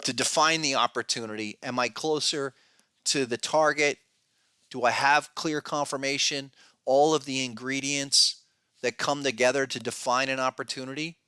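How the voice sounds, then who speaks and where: A man hosting a podcast talks through his market views in a bright, edgy voice. He speaks emphatically and restlessly, breaking off and restarting his sentences. The sound is close and dry, with no room around it. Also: medium pitch, fairly even intonation, moderate pace, clean tone, dry recording. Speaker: podcast host, trading educator. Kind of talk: casual podcast commentary.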